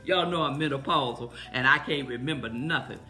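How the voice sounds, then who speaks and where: A woman's voice: extremely low pitch, a little fast, pushed and bright, soft background music. A woman in her fifties chatting live on Facebook from home into a phone, blunt, profane, emotional and rambling. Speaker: livestream host.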